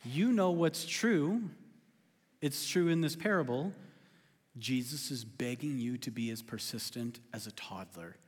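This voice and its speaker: A male pastor preaching a sermon in a church, animated and joking, poking fun at himself. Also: mid-range voice, unhurried, slightly rough. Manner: animated, joking, self-deprecating. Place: church sanctuary. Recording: long hall reverb.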